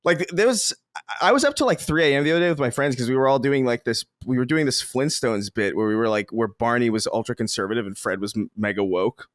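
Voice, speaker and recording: A man co-hosting a podcast, telling stories in animated quick bursts. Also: mid-range voice, no echo, clean studio sound. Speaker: podcast co-host. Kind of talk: casual podcast chat.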